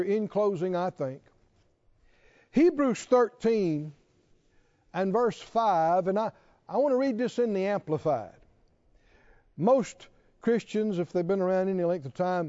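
A man preaching a sermon with impassioned, emphatic delivery that climbs to forceful peaks. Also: high voice. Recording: dull lo-fi sound with long reverb.

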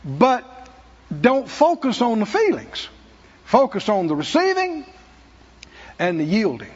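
A man preaching, telling a self-mocking personal story in an animated way. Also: extremely high pitch, takes it slowly, breathy edge, in a large hall, highs cut off. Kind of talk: testimony sermon. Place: church.

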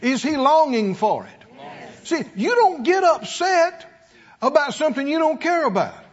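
A man's voice: very high voice, very animated, moderate pace, dull audio. A man preaching a sermon as pastor, emphatic, with call-and-response to his congregation.

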